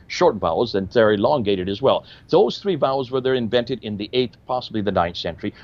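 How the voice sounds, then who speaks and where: A man's voice: medium pitch, highs cut off. A man giving emphatic, lecture-style commentary and asking rhetorical questions.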